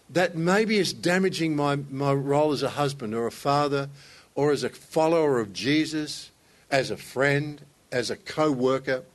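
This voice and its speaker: A man's voice: medium pitch, normal speed. Emphatic storytelling male preacher. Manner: storytelling, emphatic, rising to raised intensity. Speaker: pastor. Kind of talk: sermon.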